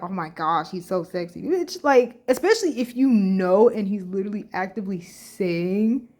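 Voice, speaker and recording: Reading social media posts out loud in a casual reaction vlog, a woman responds bluntly, full of slang and swearing. Her voice is a little high yet darkish in tone.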